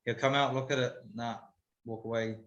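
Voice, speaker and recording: Bright-voiced New man, roomy sound. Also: medium pitch, fairly quick, lo-fi sound. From New Zealand. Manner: candid, swears freely, animated retelling. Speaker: guest, MMA fighter. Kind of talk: casual storytelling. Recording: roomy echo.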